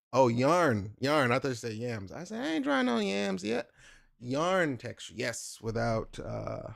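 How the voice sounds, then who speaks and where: Here a man with a son livestreams his digital art, bantering casually and cracking jokes with viewers as he addresses chat directly. His voice is mid-range and creaky.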